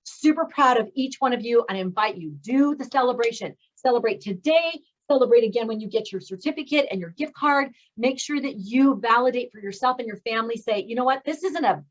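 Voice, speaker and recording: A woman's voice: on the high side, brisk, hardly any pauses, lo-fi sound. A woman hosting a speaking course graduation over a video call, praising and encouraging her graduates effusively. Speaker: speaking coach and course host.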